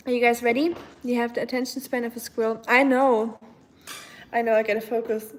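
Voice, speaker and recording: Chatty woman streamer, higher voice. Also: flat delivery, fairly quick. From Germany. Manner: chatty, reads chat aloud, many fillers. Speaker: livestream host. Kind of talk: casual live stream chat.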